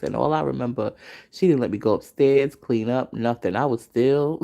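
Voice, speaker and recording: A woman podcast host, telling a story in an animated way, with laughter and profanity. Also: a bass voice, moderate pace, creaky. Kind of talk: storytelling, casual chat.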